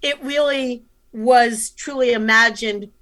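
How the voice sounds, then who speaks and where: A woman's voice: fairly high pitch, fairly even intonation, slow, a bit bright. A woman co-hosting a casual chat, giving detailed, enthusiastic recommendations. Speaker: co-host.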